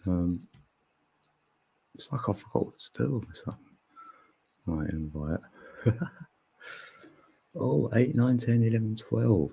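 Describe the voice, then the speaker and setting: A man hosts a live stream in loose, slangy chat, laughing easily. His low voice is gravelly and husky, and he takes his time. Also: lively intonation, unhurried, pauses often, mellow. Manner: laid-back, laughs often, chatty slang. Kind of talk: casual chat. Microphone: phone.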